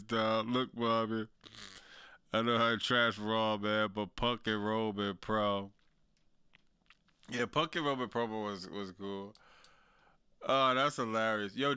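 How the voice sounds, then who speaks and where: Bright, smooth-voiced young man reacting. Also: medium pitch. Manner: laughs often, slangy and animated, says "yo" and "dog". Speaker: wrestling commentary streamer. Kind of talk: casual reaction commentary.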